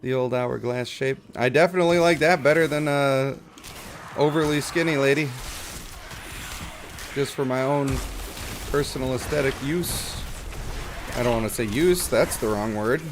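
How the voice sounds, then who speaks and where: A man's voice: mid-range voice, moderate pace, long pauses, background noise. A man streaming a game, chatting casually and rambling in a wry, self-mocking way while reading chat.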